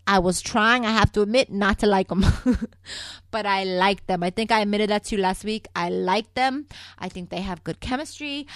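A woman's voice: medium pitch, no echo, clean studio sound. Chatty, sassy woman recapping soaps. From Puerto Rico. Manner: chatty, sassy, addresses viewers as "people". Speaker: soap opera recap host. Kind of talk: casual chat.

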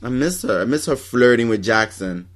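A man's voice: mid-range voice, lively intonation, moderate pace. A man co-hosting a casual chat, gossipy and dramatic, with fond "honey" asides. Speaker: podcast co-host.

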